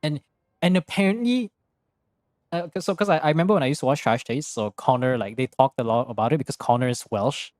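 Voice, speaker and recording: A man's voice: mid-range voice, a little fast, a little mellow, no room sound, clean studio sound. A young man streaming a game from his room, chatting casually and rambling through jokes, swearing freely and laughing often. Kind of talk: casual live-stream chat while gaming.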